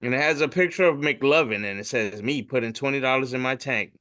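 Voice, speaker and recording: A man's voice: mid-range voice, a little fast, sharp tone. A man who does comedy, hosting a podcast and reading memes aloud in a loose, profane, jokey way. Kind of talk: casual comedic meme reading.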